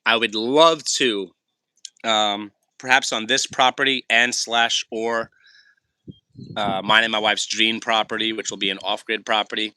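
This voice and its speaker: A man's very bright, forward voice, recorded close and dry with no room sound. He hosts a relaxed livestream Q&A for homesteading fans, reading viewer chat aloud and wandering from tip to tip, often stopping to correct himself. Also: fairly low pitch, a little slow, clear, resonant tone, no room sound. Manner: rambling, self-correcting, chatty with viewers. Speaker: homesteading channel host.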